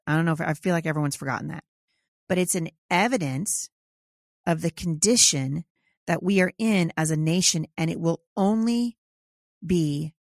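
Lady podcast host, lowish voice, preachy and emphatic, lots of uhs, dry close sound. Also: no echo. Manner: emphatic and preachy, frequent fillers. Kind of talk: opinionated talk podcast with prayer.

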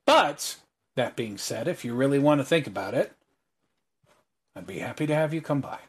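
A man narrating as game master of a tabletop role-playing game, voicing characters by dropping low and quiet. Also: expressive, normal speed, slightly rough.

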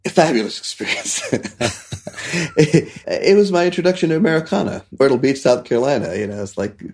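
A middle-aged man from India tells stories in a relaxed interview. He is animated and acts out other people's lines in a raised voice, with laughs between them. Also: medium pitch, fairly quick. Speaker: chef and restaurateur, guest. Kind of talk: casual storytelling interview.

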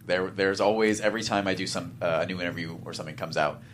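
A man's voice: low-pitched, fairly even intonation, fast, a bit bright, a little hiss or hum. A young man, a guest actor, chatting in a laid-back, laughing, self-deprecating way. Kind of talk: casual interview chat.

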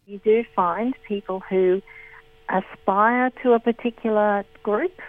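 A woman researcher explains in a measured, academic way. The sound comes through a tinny phone line. It is dry and close. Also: medium pitch, no room sound. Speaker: linguistics researcher. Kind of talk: explanatory interview answers.

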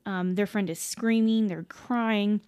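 A woman's voice: mid-range voice, steady tone, slow pace, warm tone, clean tone. A woman casually telling a ghost story at home, rambling with many fillers, self-corrections and casual swearing. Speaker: podcast host.

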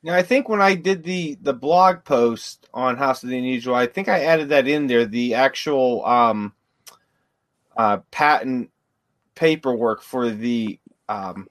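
A man's voice: medium pitch, measured pace, a bit bright. A man co-hosting a casual chat, chiming in with dry, teasing quips and bits of trivia. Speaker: podcast co-host and blogger.

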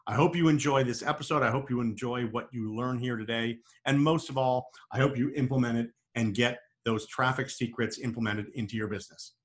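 A man's voice: mid-range voice, fairly bright tone. A man hosting a podcast, giving an encouraging introduction to the episode. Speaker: podcast host. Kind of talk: show intro.

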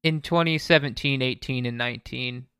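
A man's voice: mid-range voice, moderate pace, pushed and bright, clean tone, no echo, studio quality. A man co-hosting a casual podcast chat, rambling with stammered restarts. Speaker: podcast co-host.

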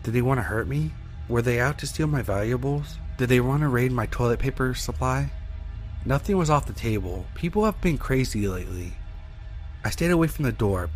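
A man reading a first-person horror story in a steady, measured way as narrator. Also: mid-range voice.

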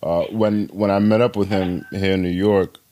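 Low voiced dude, lots of ums, kinda halting. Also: male voice, fairly even intonation, dark tone. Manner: halting, hesitant, many ums. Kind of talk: casual podcast chat.

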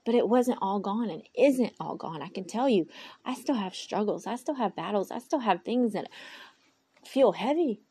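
A woman's voice: mid-range voice, animated, normal speed, warm tone, slightly rough. A woman hosting a personal podcast monologue into a phone, candid and rambling, often talking to herself aloud and speaking of her faith in God. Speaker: podcast host.

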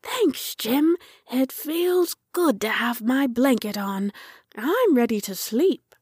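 A woman voicing a gentle, sweet old male tractor who talks in a soft, plaintive, childlike way. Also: sits high, animated, slow, slightly rough, no echo, studio quality, exaggerated voice. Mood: content.

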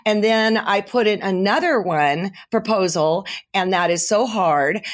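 Middle-aged woman telling lively stories. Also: mid-range voice, measured pace. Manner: animated, laughing storyteller. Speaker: guest quilter and author. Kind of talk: casual storytelling chat.

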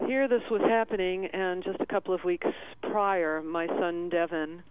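A man calling in to a radio show, telling a personal story in a halting, tearful way with many restarts. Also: high-pitched, fairly even intonation, smooth, no echo. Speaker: caller. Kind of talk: emotional call-in storytelling. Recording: tinny phone line.

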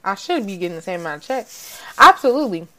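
A woman chatting casually, animated and profane, laughing often and acting out quotes. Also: medium pitch, fast, crowd noise. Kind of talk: casual chat.

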